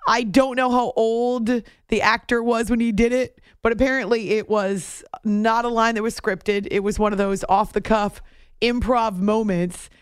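A woman hosting sports radio in a casual, playful way, who sometimes breaks into high shouted impressions. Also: steady tone, moderate pace, clear, resonant tone, no room sound, clean studio sound. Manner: playful, tries high movie-villain shouts.

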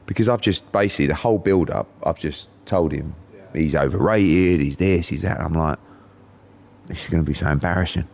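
A middle-aged man with a low, deep voice spins a long anecdote as a podcast guest. He talks casually and acts out the lines of the people in his story, now and then jumping up into a shouted high voice for the crowd. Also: fairly quick, gravelly. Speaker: podcast guest, boxing promoter.

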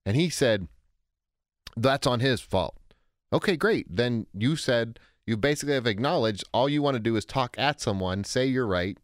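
Animated man teaching with lively pitch. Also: moderate pace, no echo, clean studio sound. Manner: animated, acts out quotes with big pitch jumps, frequent restarts. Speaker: author and speaker on handling anger. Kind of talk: conversational teaching monologue answering a listener question.

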